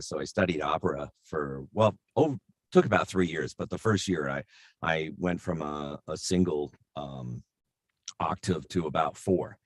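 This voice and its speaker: Brief: middle-aged man, voice actor, very low voice, dry close sound, rambling anecdotes full of fillers. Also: moderate pace, no room sound. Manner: rambling, many fillers and restarts. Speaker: voice actor guest. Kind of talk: casual interview storytelling.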